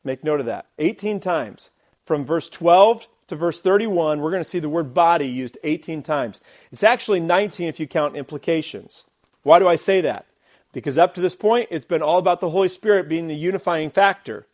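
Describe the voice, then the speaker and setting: Male pastor, higher pitch, emphatic sermon delivery, repeats phrases, asks the room questions. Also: normal speed. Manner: emphatic preaching with rhetorical questions and repetition; uses a glove as a prop.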